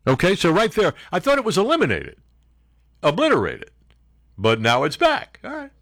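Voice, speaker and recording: A man's voice: high-pitched, huge pitch swings, moderate pace, fairly bright tone, dry recording, clean studio sound. Sarcastic older man mocking the news. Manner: mocking, acts out silly voices for quoted people. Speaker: political commentary host.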